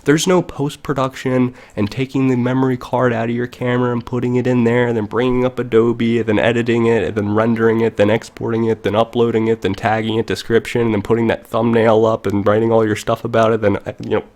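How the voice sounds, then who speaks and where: A man's voice: medium pitch, level tone, quick pace, hardly any pauses, a little mellow. A young man chatting casually on a live stream, rambling into tangents and laughing often, with the mic very close to his mouth. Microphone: desk mic very close to mouth.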